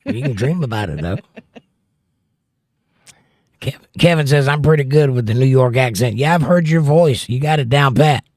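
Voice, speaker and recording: A man's voice: mid-range voice, lively intonation, moderate pace, pauses often, darkish tone, no room sound, clean studio sound. A middle-aged man with a Southern accent, hosting a livestream and joking as he reads viewer comments aloud. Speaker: livestream host. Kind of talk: casual chat.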